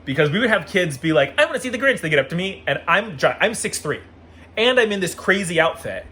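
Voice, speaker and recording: A man telling stories casually in a vlog, animated and full of "like" fillers. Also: a little high, a little fast, a little hiss or hum. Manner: animated, acts out quoted voices, frequent "like" fillers. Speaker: vlogger.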